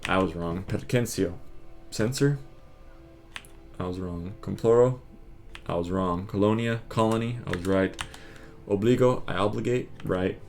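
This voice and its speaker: A man quizzing himself on word cards, muttering terse answers and quick verdicts of right or wrong. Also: fairly low pitch, gravelly, a little mellow. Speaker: vlogger drilling vocabulary.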